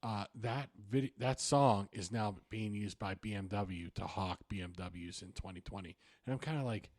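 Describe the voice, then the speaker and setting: A man's voice: fairly low pitch, moderate pace, a little mellow, dry recording, studio quality. A married man co-hosting a podcast, talking easygoingly with stammered restarts. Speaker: podcast co-host. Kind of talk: casual chat.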